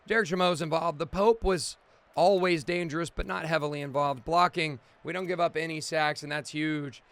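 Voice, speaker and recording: A young man calling the action with a high, bright, sharp voice, giving hyped play-by-play game commentary. He swings between quick, chatty recaps and loud, excited shouts. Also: clear, resonant tone. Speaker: gaming streamer.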